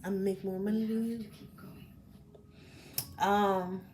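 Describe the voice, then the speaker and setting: A woman talking casually to camera as a personal development coach, chatty and expressive, with many fillers. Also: mid-range voice, slow pace, slight background noise. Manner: chatty and expressive, with fillers, acts out quoted remarks.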